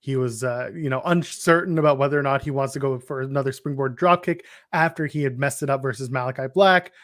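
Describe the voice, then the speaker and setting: A man with a mid-range, somewhat bright voice talks fast as a co-host on a wrestling podcast. He recaps matches in a wry, joking, rambling way during casual wrestling chat. The sound is studio quality with no room sound.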